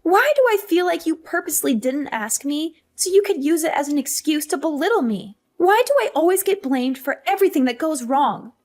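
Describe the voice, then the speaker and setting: Exasperated young woman, high, lively voice. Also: brisk, few pauses. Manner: defensive, exasperated. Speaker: story narrator playing herself. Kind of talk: scripted story drama.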